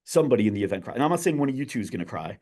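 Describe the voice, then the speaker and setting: A man guesting on a podcast, telling a parable in an animated way and asking his listeners questions. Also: medium pitch, very fast. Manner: animated storyteller who addresses his listeners directly. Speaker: guest, business author. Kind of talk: podcast storytelling.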